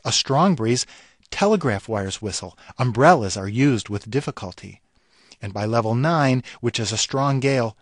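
A man, a writer, reading his own scripted radio commentary in a wry, measured way that savors the words. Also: mid-range voice, dry recording, studio quality.

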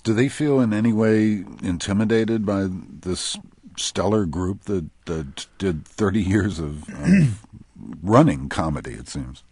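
A man hosting a radio interview, asking measured questions. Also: sits low, expressive, darkish tone, husky, dry recording. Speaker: radio host.

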